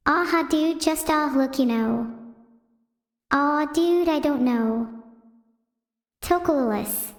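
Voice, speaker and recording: A woman's voice: high-pitched, slow pace, long pauses. A synthetic female voice impersonating a laid-back male streamer who rambles with "dude" fillers. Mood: rambling. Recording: roomy echo, long reverb.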